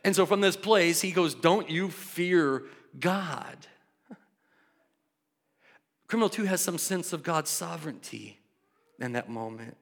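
A man preaching a sermon in an animated way, shifting from loud bursts to quiet asides. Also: on the high side, moderate pace, vocal fry. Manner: animated, acts out voices, swings from loud to soft. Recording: long hall reverb.

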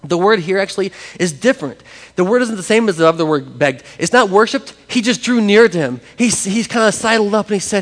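A man preaching a sermon, lively and conversational, talking with his congregation. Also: high voice, a little fast, big-room sound. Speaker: pastor. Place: church sanctuary with congregation.

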